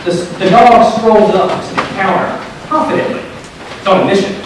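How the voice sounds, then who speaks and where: Man, high voice, sermon, joke-telling preacher, very echoey hall, distant mic. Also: normal speed, background noise. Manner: joke-telling, animated storyteller. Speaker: pastor. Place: large hall at a community service.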